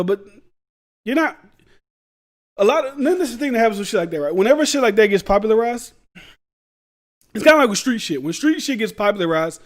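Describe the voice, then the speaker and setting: A man hosting a podcast, giving blunt, rambling commentary in slangy street talk. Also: sits high. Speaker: podcast host. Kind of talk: casual commentary.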